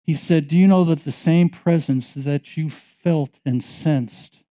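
Slow-speaking male pastor telling a story. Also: on the high side, warm tone. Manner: storytelling with repetitions, rising to emphatic passages. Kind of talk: sermon.

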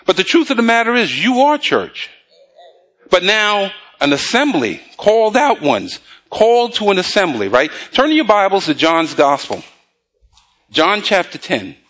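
A male preacher delivering a morning sermon, his voice pitched high and swinging widely as he talks. He keeps throwing questions back to the congregation for them to answer. He stretches out the scripture he reads aloud. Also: sing-song, fairly bright tone. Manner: call-and-response questions to the congregation; drawn-out scripture reading.

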